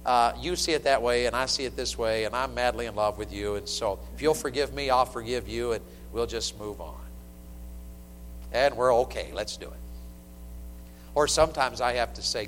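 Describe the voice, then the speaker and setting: A man preaching a sermon to his church, animated and swinging between loud and hushed. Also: mid-range voice, moderate pace. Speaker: pastor. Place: church sanctuary. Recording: long hall reverb, faint hum.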